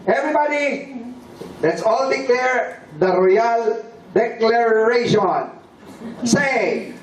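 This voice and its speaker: A man's voice: extremely high pitch, lively intonation, takes it slowly, a little hiss or hum. A man giving a motivational seminar speech, leading the audience in chants and slipping into Tagalog. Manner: leads audience in call-and-response chants, switches into Tagalog. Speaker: seminar speaker. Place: large hall with a live audience. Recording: echoey hall, mic far off, crowd.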